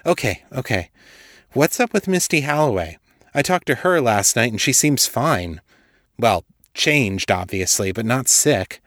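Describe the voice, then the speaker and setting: A man voicing a commanding young woman investigator who talks briskly, with an exasperated edge. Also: medium pitch, sing-song, a bit bright, no echo, clean studio sound. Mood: urgent.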